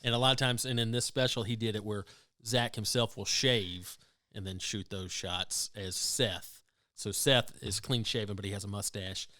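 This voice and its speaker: A man co-hosting a casual comedy podcast, relaxed and curious, asking questions and giving short replies. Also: lowish voice, normal speed, no room sound, clean studio sound. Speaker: podcast co-host.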